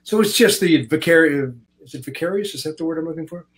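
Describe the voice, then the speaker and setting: An older man from Canada, a voice actor telling stories in a relaxed interview and slipping into voices as he goes. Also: fairly high pitch, fast, low-quality recording. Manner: animated, slips into voices while telling stories. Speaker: guest voice actor. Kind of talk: casual interview storytelling.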